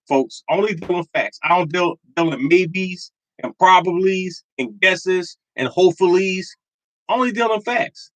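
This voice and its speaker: Older male streamer, high voice, dry close sound, hammers each point twice with preacher-like conviction. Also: a bit bright, dry recording, poor audio. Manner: emphatic and repetitive, preaching conviction. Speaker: lottery tips host. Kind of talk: live stream talking to chat.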